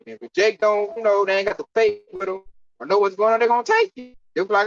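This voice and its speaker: A man's voice: high-pitched, animated, fast talker. A man preaching and teaching scripture at an outdoor camp gathering in a fiery, slangy, preachy way. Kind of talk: street sermon teaching. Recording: dull lo-fi dry recording.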